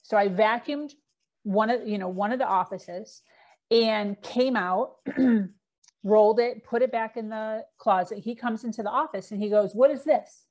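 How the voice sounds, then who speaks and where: A woman's voice: medium pitch, steady tone, a little slow, darkish tone. A middle-aged woman, a podcast guest, candidly telling her own story with frequent fillers and acted-out quotes.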